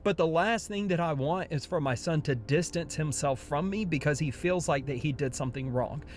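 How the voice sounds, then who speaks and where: A man's voice: fairly high pitch, normal speed, slight background noise. A young man, a father, talking earnestly about faith in a personal devotional vlog, often restarting his sentences. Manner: earnest, heartfelt, with frequent restarts. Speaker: christian vlogger.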